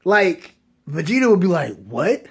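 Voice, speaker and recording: A man giving casual fan commentary, talking excitedly and asking rhetorical questions over and over. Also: sits high, a little slow. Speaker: anime reviewer.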